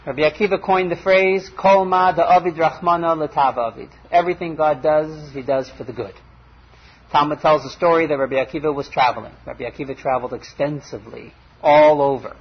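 A man teaching a Torah class, telling stories with animated, acted-out quotes. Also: on the high side, breathy edge, highs cut off. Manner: animated storytelling, acts out quoted voices. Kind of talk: storytelling Torah lecture.

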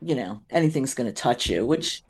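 A woman's voice: rumbling low, animated, normal speed, gravelly, darkish tone, slightly rough. A middle-aged woman co-hosting a casual chat, rambling through memories with frequent laughs and trailing asides.

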